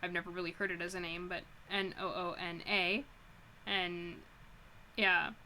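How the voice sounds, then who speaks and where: A woman reading a novel aloud for a live audience, with a bright, crisp voice. She breaks off often for casual, chatty asides and reactions. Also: fairly low pitch, little pitch movement, measured pace, a little hiss or hum. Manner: stops to comment and react informally. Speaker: streamer reading a book aloud.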